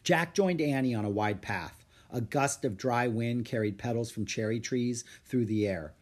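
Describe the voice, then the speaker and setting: A man narrating a children's storybook in a lively, expressive reading. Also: medium pitch. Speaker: audiobook narrator.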